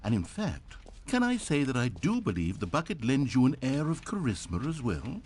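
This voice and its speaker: A man's voice: mid-range voice, huge pitch swings, moderate pace, darkish tone, slightly rough. A man voicing a wry adult male video game narrator who talks in a dry, mock-sincere, teasing way.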